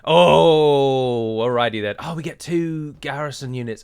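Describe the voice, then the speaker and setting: A man's voice: mid-range voice, lively intonation, a little slow, gravelly, a little mellow, clear, resonant tone. A man giving chatty, wry commentary while playing a strategy game, wandering into rambling asides. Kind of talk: gameplay commentary.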